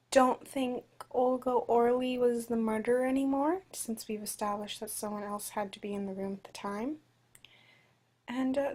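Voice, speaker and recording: High-voiced woman joking through a game. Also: gravelly, darkish tone. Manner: chatty, joking asides. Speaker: let's play commentator. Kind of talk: casual game commentary.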